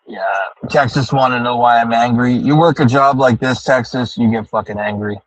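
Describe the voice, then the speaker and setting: A man's voice: mid-range voice, steady tone, moderate pace, low-quality recording. A man livestreaming from his car on the drive home, rambling and ranting with heavy profanity as he talks to his chat. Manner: profane, ranting, thinking aloud. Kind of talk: casual rambling monologue.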